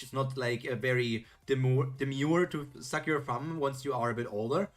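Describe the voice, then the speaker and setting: A woman's voice: rumbling low, lively intonation, brisk, hardly any pauses. A woman streamer reading old children's rhymes aloud in a playful, theatrical way, adding joking comments between them. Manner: playful, theatrical, jokey asides.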